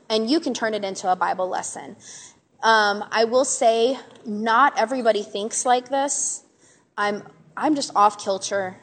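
A woman teaches a live group of church workers in a relaxed, chatty way, animated and full of fillers. Her voice sits fairly high. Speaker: Sunday school teacher giving a workshop. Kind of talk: casual talk to a live group.

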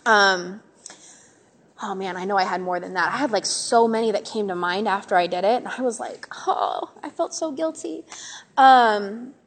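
A woman Sunday school teacher giving a chatty, animated workshop talk to a live group, full of fillers. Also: medium pitch, moderate pace.

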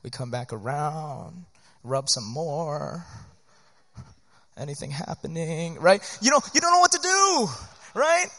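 A man preaching in an earnest, animated, conversational way, often checking in with "right?", teaching church workers. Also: fairly high pitch, measured pace. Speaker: pastor. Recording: long hall reverb.

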